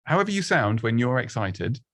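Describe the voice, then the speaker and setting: A man's voice: mid-range voice, big pitch swings, fairly quick, fairly bright tone, no echo. A man giving casual, chatty presenting advice, self-deprecating and full of restarts and little laughs. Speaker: presenting coach.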